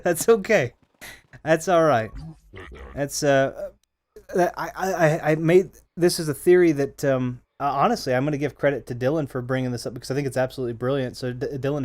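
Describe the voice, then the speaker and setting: A hoarse man streaming a game, chatting casually with viewers in a rambling, self-correcting way. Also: medium pitch, darkish tone. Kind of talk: casual live-stream chat over gameplay.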